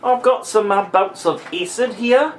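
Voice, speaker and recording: A woman's voice: medium pitch, unhurried, slight background noise, lightly acted. A woman voicing a chatty female shop assistant in a tabletop game, rambling with fillers. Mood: helpful.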